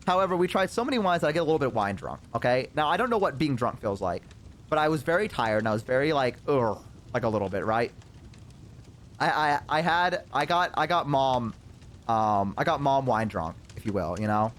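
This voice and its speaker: A man's voice: medium pitch, very animated, fairly quick, fairly bright tone, slight background noise. A man streamer telling a story in a casual way, rambling with lots of fillers and some swearing.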